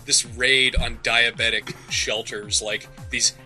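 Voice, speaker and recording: Bright-voiced rambling male podcast co-host. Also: medium pitch, level tone, slow. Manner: rambling, full of restarts, riffing on absurd ideas. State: throat still congested from being sick. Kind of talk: casual comedic chat. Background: faint music bed.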